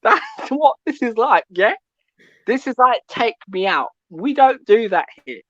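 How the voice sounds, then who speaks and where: A male caller ranting about football, loud and animated, who keeps asking "yeah?" between points. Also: extremely high pitch, a little slow, dry recording, highs cut off. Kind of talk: call-in football rant.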